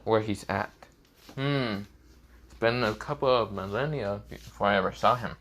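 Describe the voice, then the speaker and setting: A man's voice: on the low side, normal speed, fairly bright tone, a little hiss or hum, close to an everyday voice. A man doing a smug, smirking male villain. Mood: smug teasing. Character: smug scheming immortal male villain, teasing. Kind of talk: casual fan-fiction storytelling.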